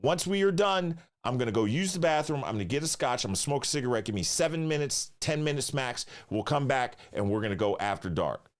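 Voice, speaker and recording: A man hosting his channel, talking through video clips in loose, excitable commentary full of swearing and questions to the viewers. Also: mid-range voice, quick pace, few pauses. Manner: excitable, profane, keeps asking viewers to remember. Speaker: channel host reacting to clips.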